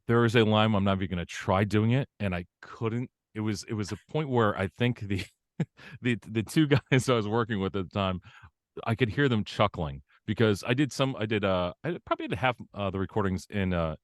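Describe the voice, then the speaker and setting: Low-voiced man, animated and laughing. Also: a little fast, dry recording, clean studio sound. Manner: animated storyteller, laughs often, bursts into a higher showman voice for quotes. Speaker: voice actor guest. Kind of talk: casual interview chat.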